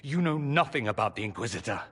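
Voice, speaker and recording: A sardonic, proud male mage in a game scene. His husky voice swings widely in pitch, sharp with sarcasm and bitter barbs. A long reverb trails his words. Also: animated, fast. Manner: sarcastic, cutting, rising to anger. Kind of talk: game character dialogue.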